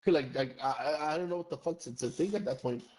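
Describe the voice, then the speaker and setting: A man's voice: a little high, fast talker, darkish tone, rough recording. A young man telling a long story while gaming on stream. He rambles, curses often, says "bro" constantly and slips between English and Spanish. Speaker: gamer streamer.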